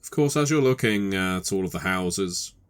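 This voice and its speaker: A man narrating a tabletop horror game as game master in a slow, atmospheric way. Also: low voice, lively intonation, smooth.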